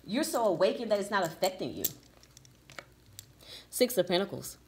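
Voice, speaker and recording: With big pitch swings in a mid-range, slightly mellow voice, a woman reads tarot for her audience at a moderate pace. She stresses points and repeats "okay?" and "right?" over faint background noise.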